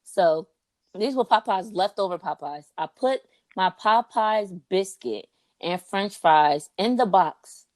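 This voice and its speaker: A young woman co-hosting a podcast, telling stories in a casual, animated, slangy way. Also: mid-range voice, slow, no room sound. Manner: animated storyteller, slangy, says "like" and "bro" often. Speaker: podcast co-host. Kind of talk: casual chat.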